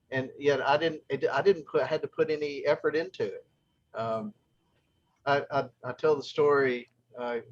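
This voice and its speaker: A man leading a group discussion, telling a long story in a halting way, with many restarts. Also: mid-range voice, highs cut off, slight background noise.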